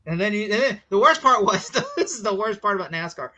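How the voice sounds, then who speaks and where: American male host, bright, slightly high voice, chatty rambling style, acts out quotes. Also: lively intonation, brisk, low-quality recording. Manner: rambling, chatty, laughing asides and acted-out quotes. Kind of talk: casual livestream chat.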